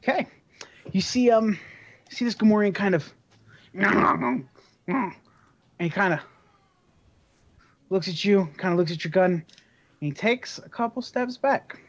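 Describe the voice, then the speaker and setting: A game master running a tabletop game, explaining rules and narrating in a relaxed way with many fillers. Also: medium pitch, measured pace, pauses often. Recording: dull lo-fi recording.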